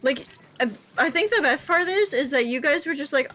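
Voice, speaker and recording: A woman streaming, chatting casually over games, swearing freely and telling animated stories. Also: high-pitched, normal speed. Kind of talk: casual gaming chat.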